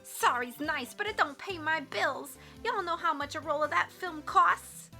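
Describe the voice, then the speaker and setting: Woman doing a loud drawling Southern gal. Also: sits high, unhurried, faint music behind, voice pushed up, full character voice. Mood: feisty. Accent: put-on Southern US drawl. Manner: drawling, feisty, folksy. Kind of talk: video game voice-over reading.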